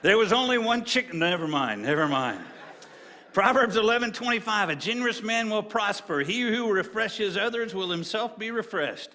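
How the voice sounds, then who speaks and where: A middle-aged man preaching as a guest preacher, telling folksy jokes and dropping low and quiet for serious points. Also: animated, normal speed. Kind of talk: sermon with jokes.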